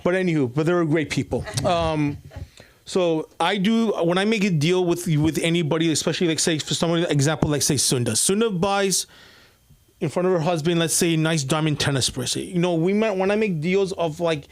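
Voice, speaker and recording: Open-mic comic, male, slightly higher voice, loose rambling delivery with constant restarts. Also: a little fast. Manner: rambling, many restarts and fillers. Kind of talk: rambling stand-up storytelling.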